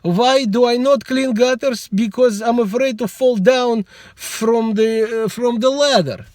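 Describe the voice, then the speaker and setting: A middle-aged man, rambling in a meandering, deadpan way while talking to the camera from inside a car. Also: very high voice, a little slow, no echo. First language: Russian. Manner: meandering, self-interrupting, deadpan humor. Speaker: vlogger. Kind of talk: rambling casual monologue to camera.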